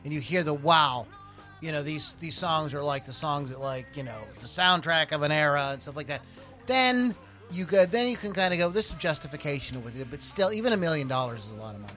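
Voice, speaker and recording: Brief: man from Philadelphia, loose filler-packed podcast banter with a bright, slightly high voice. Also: expressive, fairly quick, faint music behind. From Philadelphia, USA. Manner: rambling, filler-heavy and self-interrupting. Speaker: podcast co-host. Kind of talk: casual chat.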